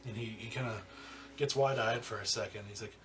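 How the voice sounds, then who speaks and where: A man narrating as game master of a tabletop game, halting with many fillers and restarts. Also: lowish voice, steady tone. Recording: distant mic with music behind.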